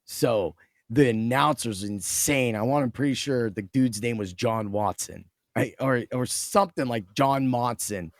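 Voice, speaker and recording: A man in casual chat as a podcast guest, excitable and rambling, with restarts. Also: mid-range voice, unhurried, no room sound, studio quality.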